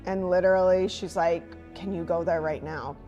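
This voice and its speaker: A woman in a documentary interview, retelling events in a subdued, quiet way. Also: fairly low pitch, fairly even intonation, normal speed, highs cut off, soft background music.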